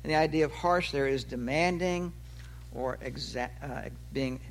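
A man in his sixties preaching a sermon, his voice rising for quoted lines and dropping low at the ends of phrases. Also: moderate pace, a little hiss or hum. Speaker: pastor.

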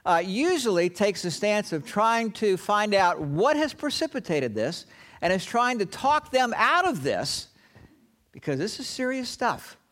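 Animated, high-voiced male preacher. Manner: dramatic storytelling, dropping to hushed low tones. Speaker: pastor. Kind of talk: sermon.

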